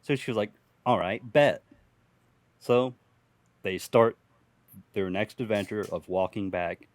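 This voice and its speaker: A man's voice: on the low side, a little slow, no room sound. A young man telling an improvised comic story on a podcast, rambling and profane, often laughing at his own jokes.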